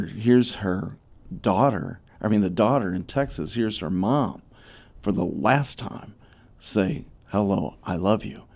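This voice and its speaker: A man's voice: sits low, a little mellow. A man from a hospice on a radio interview, telling a story earnestly and with emotion. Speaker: hospice representative. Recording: radio studio.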